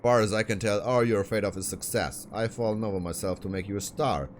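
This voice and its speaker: A man reading lines for a scornful, abusive talent manager in a game, fairly low voice. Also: fast talker, a little hiss or hum, lightly acted. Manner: scornful, bullying. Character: abusive middle-aged male talent manager, bullying.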